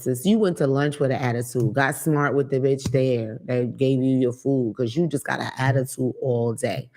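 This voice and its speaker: A woman hosts a casual solo talk and speaks in a profane, storytelling way. Her voice sits fairly low but swings widely up and down as she acts out other people's lines. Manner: profane, animated storytelling with acted-out quotes. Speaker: host. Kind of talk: casual monologue.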